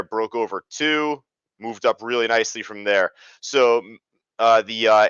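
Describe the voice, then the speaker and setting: A man's voice: mid-range voice, fairly bright tone, clean tone, dry recording, highs cut off. A man hosting a live trading webinar, talking casually with lots of fillers. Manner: casual, chatty, many fillers. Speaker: trading room host.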